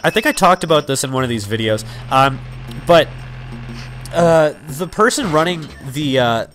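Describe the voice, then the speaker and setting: A man in his twenties giving casual, rambling commentary over a video game, full of fillers and side thoughts. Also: mid-range voice. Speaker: let's player.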